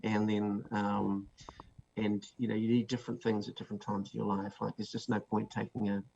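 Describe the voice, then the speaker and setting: A man's voice: on the low side, level tone, a little fast, vocal fry, warm tone. A man with a New Zealand accent, a guest author explaining his ideas with many fillers and restarts. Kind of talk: interview answers. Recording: dull lo-fi sound with faint noise.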